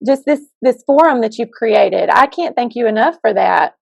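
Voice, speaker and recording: A woman co-host speaks over a video call in a somewhat high voice with a dry, close sound. She is enthusiastic and effusive, and playfully teasing. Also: animated, normal speed, gravelly, a little mellow, breathy edge, no room sound, rough recording. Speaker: co-host, school counselor. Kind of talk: casual interview chat.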